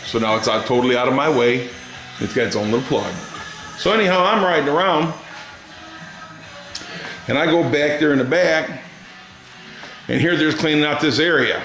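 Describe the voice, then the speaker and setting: A man's voice: on the high side, moderate pace, pauses often, fairly bright tone, reverberant, faint music behind. A middle-aged man chatting casually and rambling through a story in his home garage, folksy and drawling. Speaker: garage hobbyist vlogger. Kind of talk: casual workshop chat.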